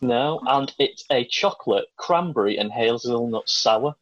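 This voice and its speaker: A man's voice: mid-range voice, unhurried, fairly bright tone, highs cut off, slight background noise. A man with a Lancashire accent chatting casually and rambling on enthusiastically over a video call. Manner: rambling, enthusiastic about beer. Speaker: guest panelist. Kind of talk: casual chat.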